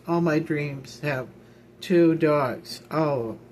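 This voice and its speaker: Slow, folksy woman minister. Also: low voice, a little mellow, slight background noise. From Illinois, United States. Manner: rambling, repeats herself, folksy asides. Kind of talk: informal ministry talk.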